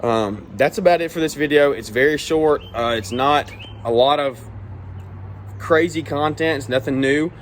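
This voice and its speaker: A man's voice: on the high side, moderate pace, slight background noise. A man who owns a small lawn care business, giving straight-talking advice in a casual vlog and tagging his points with "all right?" and "okay?".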